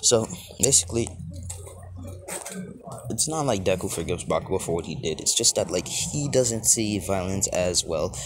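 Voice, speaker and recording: Speaking into a phone held near his mouth outside, the same low-voiced man narrates a made-up fan story in an animated way at normal speed. He rambles and fills gaps with filler words, and background noise runs through the recording.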